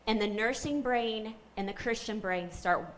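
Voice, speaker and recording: A woman in her thirties tells her story as an interview guest, swinging between hushed and bright, acting out the voices of people around her. Faint ambient noise sits behind her. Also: fairly high pitch, normal speed, poor audio. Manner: animated storyteller, acts out quotes, laughs. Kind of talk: storytelling in a faith podcast interview.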